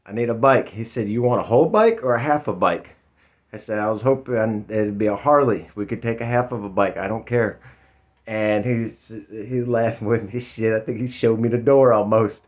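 A man's voice: fairly low pitch, normal speed. A man, telling a rambling, profane story in casual vlog chat. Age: 50s. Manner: rambling, laid-back, profane. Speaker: vlogger. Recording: dull lo-fi sound.

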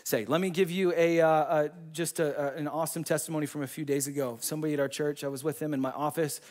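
Guy preaching a sermon, pretty high voice, laid back slangy talk, gets real animated telling stories. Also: fast. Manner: casual, slangy, animated storytelling. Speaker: pastor. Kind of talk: sermon with personal testimony.

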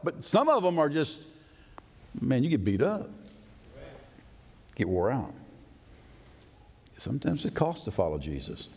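A male pastor preaching a sermon, emphatic and conversational, often asking the congregation questions. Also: on the high side. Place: church sanctuary. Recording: long church reverb.

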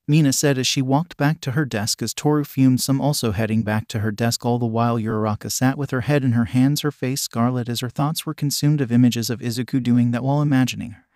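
A man narrating a fan fiction story in a steady, even reading voice. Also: mid-range voice, brisk, few pauses, no room sound, studio quality. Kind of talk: fanfic audiobook reading.

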